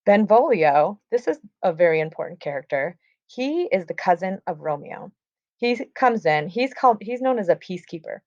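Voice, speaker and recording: A woman's voice: mid-range voice, very animated, normal speed, no room sound. A woman teaching a class, reading lines from a play aloud and retelling them in casual, chatty terms. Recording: dull, dry lo-fi recording.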